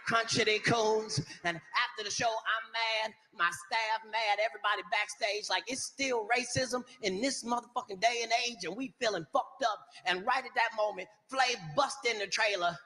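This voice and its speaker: High, bright-voiced stand-up comedian. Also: male voice, moderate pace, hardly any pauses, long reverb tail, faint music behind. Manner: profane, animated storytelling.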